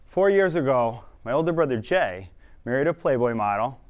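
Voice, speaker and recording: A young man telling his own life story quickly and earnestly, with now and then a self-aware laugh. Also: mid-range voice, animated. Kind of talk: personal storytelling talk.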